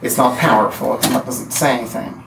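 Guy teaching poetry in a classroom, stops and restarts a lot, counts beats out loud, sounds far from the mic. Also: medium pitch, steady tone, creaky, noisy background. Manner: halting, many restarts and fillers, counts out rhythms. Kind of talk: classroom lecture. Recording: echoey room from far off.

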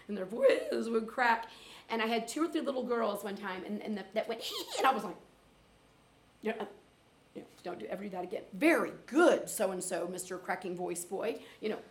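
A woman's voice: on the high side, fairly bright tone. A woman teacher giving chatty, practical tips on teaching reading. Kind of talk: teacher-training talk. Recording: echoey room.

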